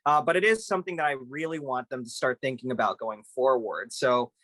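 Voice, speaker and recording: A man's voice: mid-range voice, fairly quick, a bit bright, no room sound. A young man co-hosting a casual film chat, earnest and building his points in repeated phrases. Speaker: podcast co-host.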